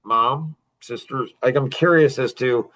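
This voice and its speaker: A man's voice: medium pitch, a little slow, sharp tone. A middle-aged man leading a young men's group talk, rambling with many restarts and fillers.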